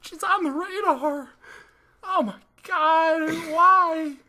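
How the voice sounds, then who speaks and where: A man putting on a shrill, wailing voice as a panicked, easily horrified man. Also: slow pace, pushed and bright, full character voice.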